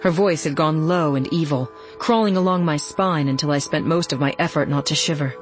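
Woman narrating a dark novel. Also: low-pitched, a little fast, faint music behind. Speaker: audiobook narrator. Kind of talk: first-person novel narration.

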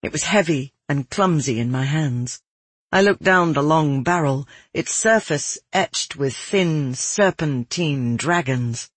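A man reads a first-person adventure story aloud in a steady, descriptive manner. His voice is husky and sits a little high for a man. The sound is dry and close. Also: slow pace, dry recording. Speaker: audiobook narrator. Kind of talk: scripted first-person narration.

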